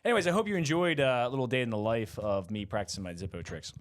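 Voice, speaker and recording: A man's voice: medium pitch, fast talker. A young man co-hosting a casual podcast, rambling with many fillers and laughs. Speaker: podcast co-host.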